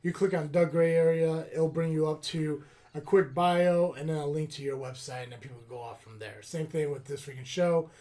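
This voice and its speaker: Rambling man, slightly high voice. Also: steady tone, moderate pace, dark tone. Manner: rambling, with many fillers and restarts. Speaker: podcast host. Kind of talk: casual chat.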